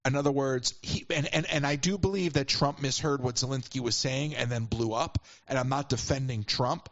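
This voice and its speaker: A man's voice: mid-range voice, normal speed, dry recording. A man co-hosting a podcast who argues his points emphatically in casual political chat. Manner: emphatic and argumentative. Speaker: podcast co-host. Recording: dry, dull lo-fi sound.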